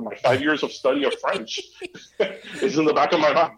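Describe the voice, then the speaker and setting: A man's voice: a little high, lively intonation, a little fast, gravelly, crowd noise, poor audio. A man co-hosting a podcast from home in casual chat, rambling with fillers. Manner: rambling, many fillers and restarts. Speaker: podcast co-host.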